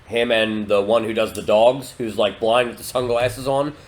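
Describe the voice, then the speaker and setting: A man co-hosting a casual podcast chat, an animated storyteller who swears freely. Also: lowish voice, moderate pace. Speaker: podcast co-host.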